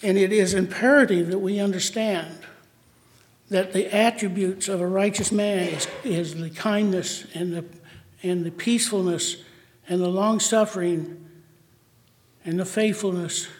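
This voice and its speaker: A man preaching a sermon, halting often to restart and correct himself as he reads scripture and talks it through. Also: high voice, fairly even intonation. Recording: long hall reverb.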